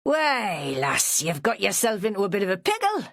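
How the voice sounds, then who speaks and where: Blunt detective woman, read by a woman, homely, plain-spoken, lively pitch. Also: normal speed, creaky, dry recording. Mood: coaxing. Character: blunt middle-aged woman detective, northern.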